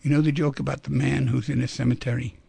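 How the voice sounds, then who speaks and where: Male radio call-in host, playful storyteller; husky, dry studio sound. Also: mid-range voice, level tone, fast talker, dark tone, no room sound. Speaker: radio talk show host.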